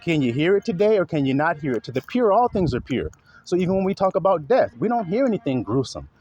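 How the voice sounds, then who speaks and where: A man's voice: fast, slightly rough, muffled recording, faint music behind. A man preaching a sermon, calling out rhetorical questions to his listeners and acting out exaggerated voices. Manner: animated, swings pitch widely, acts out exaggerated voices.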